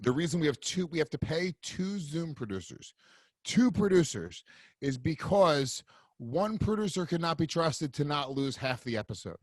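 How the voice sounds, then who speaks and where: A man hosting a podcast in a casual, profane back-and-forth with a guest. His voice sits a little high and sounds dry and close, with no room around it. He talks over a video call and laughs easily. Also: very animated, dry recording. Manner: profane, fast-talking, laughing. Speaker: podcast host. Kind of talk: casual chat.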